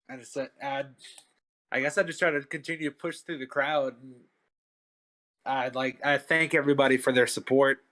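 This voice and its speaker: A man's voice: medium pitch, fairly even intonation, unhurried, long pauses, sharp tone. A man playing a tabletop game, describing his character's actions in a laid-back, hesitant way. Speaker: player. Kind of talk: casual tabletop play.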